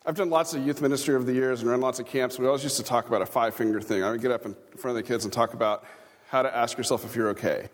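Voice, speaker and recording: Pastor preaching in a reverberant church. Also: male voice, mid-range voice, fairly even intonation, racing. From Kansas. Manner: conversational, chuckling asides, audience questions. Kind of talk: sermon. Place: church sanctuary.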